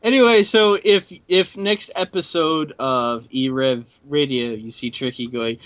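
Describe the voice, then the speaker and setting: A man's voice: a little high, unhurried, few pauses, fairly bright tone, a little hiss or hum, poor audio. A man co-hosting a podcast, chatting casually and teasing with jokes. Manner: joking, teasing. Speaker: podcast co-host. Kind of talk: casual chat.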